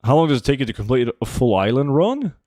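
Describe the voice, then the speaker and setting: A young man in his twenties talks casually on a livestream, answering chat while he plays. His voice sits at an ordinary middle pitch. The sound is dry and close to the mic. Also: big pitch swings, fast, a little mellow, no room sound. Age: 20s. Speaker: streamer.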